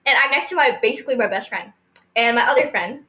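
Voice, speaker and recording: A woman's voice: a little high, fast, pushed and bright, roomy sound, rough recording. A teenage girl hosting a podcast, telling stories in a giggly, rambling way with lots of fillers. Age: teens. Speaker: podcast host. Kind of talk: casual storytelling chat.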